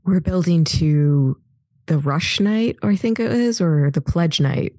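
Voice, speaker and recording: Low-voiced woman chatting about a film. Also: lively intonation, a little slow, a little mellow, no echo, clean studio sound. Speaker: podcast co-host. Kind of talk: casual film-review chat.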